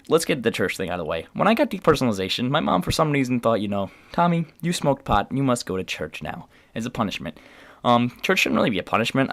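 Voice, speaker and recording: A man's voice: lowish voice, no echo. A teenage man from the New York area telling a long personal story to camera in a casual, rambling way, full of fillers and restarts. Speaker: vlogger.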